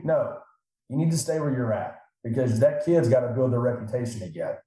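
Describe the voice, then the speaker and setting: A man's voice: mid-range voice, fairly quick, dark tone. A middle-aged man who works as a financial advisor, talking casually and animatedly, often acting out his clients' voices. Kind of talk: casual podcast talk. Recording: very echoey room.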